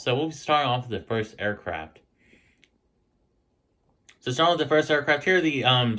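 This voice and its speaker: A man's voice: medium pitch, fairly bright tone. A young man casually narrating his model airport, rambling with frequent ums and restarts, indoors in a dim room at home. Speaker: model airport hobbyist host. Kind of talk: casual hobby video narration.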